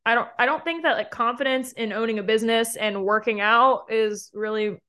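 A woman's voice: fairly high pitch, steady tone, brisk, bright, forceful tone. Young woman, podcast host, casual storytelling, chatty, laughing, acts out quotes.

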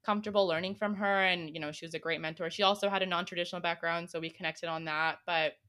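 Bright animated young woman telling a story. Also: lowish voice, fast talker, clear, resonant tone. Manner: animated storyteller, acts out quoted voices, laughs often. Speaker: co-host. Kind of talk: casual chat, storytelling.

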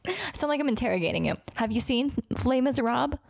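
A young woman chatting casually as a podcast co-host, her voice gravelly with vocal fry. She jokes around and giggles, playing with words. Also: on the high side, animated, fast, a little mellow. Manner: playful, giggly, jokey wordplay. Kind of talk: casual chat.

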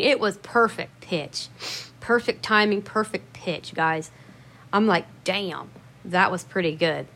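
Woman, casual rambling anecdote, heavy swearing, emphatic, mid pitch. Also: a bit bright. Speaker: storyteller. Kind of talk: casual spoken storytelling.

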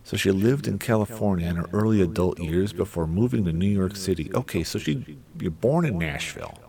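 Slow gravelly low-voiced man. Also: crowd noise. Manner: irreverent, rambling, crude asides. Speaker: podcast host. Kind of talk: casual solo commentary.

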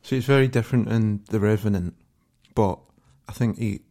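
Casting: male co-host, lowish voice, loose rambling crude talk. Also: moderate pace, warm tone. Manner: rambling, sweary, laughs often. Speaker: podcast co-host. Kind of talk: casual banter.

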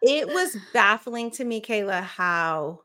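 Young woman podcast cohost, bright voice, animated slangy gossip. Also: mid-range voice, slow pace. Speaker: podcast co-host. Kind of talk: casual chat.

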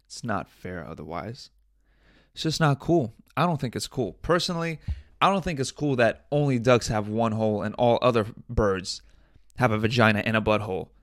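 This solo podcast host is a man whose voice sits on the low side, with a fairly bright tone and a moderate, animated delivery. His talk is casual and rambling, full of jokes, frequent swearing, and muttering to himself, captured in clean studio sound with no room echo.

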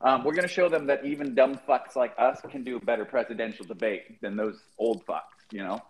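A man's voice: medium pitch, brisk. A man hosting a podcast in casual chat, loose and profane while moderating.

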